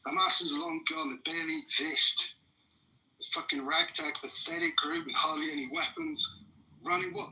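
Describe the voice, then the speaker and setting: Man, angry profane rant, heated debate, bright sharp tone, slightly high voice. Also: slight background noise, rough recording. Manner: furious, profane ranting. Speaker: debate participant.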